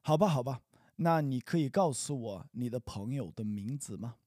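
A man's voice: medium pitch, animated, normal speed, darkish tone, no room sound, clean studio sound, natural voice. A man reading the part of a nosy young man in a practice dialogue, asking eager, pushy questions.

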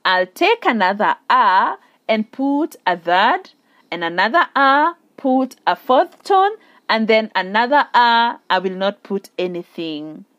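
Very slow, patient woman teacher. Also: fairly high pitch, big pitch swings, a bit bright, lo-fi sound. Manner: slow and deliberate, drawing out vowels and tones for demonstration. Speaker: Mandarin language teacher. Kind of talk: slow spoken language lesson.

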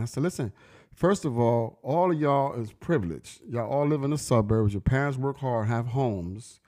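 Middle-aged man, mid-pitched, emphatic slangy vlogger who lectures as he tells stories. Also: moderate pace, warm tone. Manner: emphatic, slangy, preachy storytelling. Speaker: vlogger and brand owner. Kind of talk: casual street-talk monologue.

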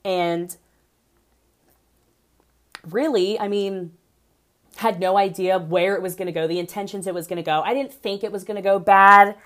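A woman's voice: mid-range voice, normal speed, pauses often. Gossipy young woman recapping reality TV. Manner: gossipy, animated, heavy use of "like".

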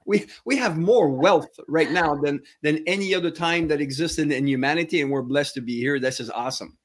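A man's voice: on the high side, brisk. A French-Canadian man hosting a podcast interview, upbeat and encouraging, with hesitant fillers. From Ontario, Canada. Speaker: podcast host.

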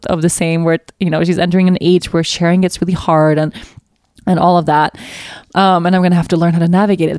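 A woman with a lowish, gravelly voice talks through her thoughts in a candid personal monologue. She laughs easily and picks up energy when she retells a story. The sound is dry and close, with no room around it. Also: no room sound. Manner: candid, musing, often breaks into laughter; animated when retelling stories. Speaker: podcast host.

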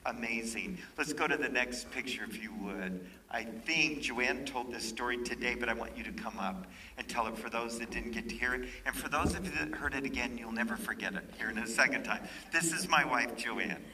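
A man preaching to a live audience, telling a story dramatically and dropping to hushed whispers. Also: medium pitch, a little fast, far from the mic, slight background noise, low-quality recording.

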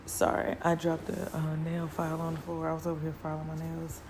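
Earnest woman podcaster, slightly low voice. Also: monotone, a little fast, background noise. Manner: earnest, encouraging, repeats key words; loose and conversational with filler words. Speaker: podcast host. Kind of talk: casual solo podcast talk.

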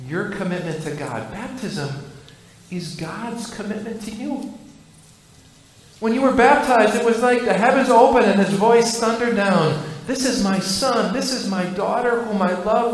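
Male pastor, high voice, earnest repetitive sermon cadence, very echoey church hall. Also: a little hiss or hum. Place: church sanctuary.

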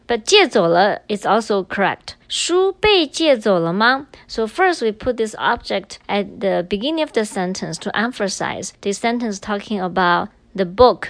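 A woman's voice: medium pitch, no echo. A woman teacher explaining grammar patiently in a recorded language lesson, moving between English and Chinese.

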